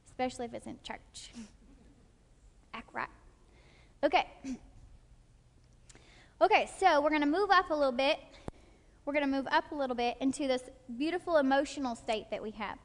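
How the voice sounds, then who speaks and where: Teaching a group live amid long hall reverb, a woman talks with animation, performs brief quoted voices and keeps making sure everyone is following. She has a high-pitched voice and a quick pace.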